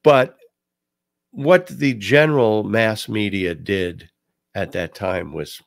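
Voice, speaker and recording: A man hosting a talk show, giving casual political commentary with a swooping, animated delivery and frequent restarts. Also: lowish voice, takes it slowly, gravelly, no echo, clean studio sound.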